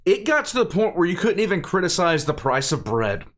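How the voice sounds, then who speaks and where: A man's voice: high voice, very animated, a little fast, a bit bright. An older man hosting a reaction video, making blunt, exasperated comments in casual chat.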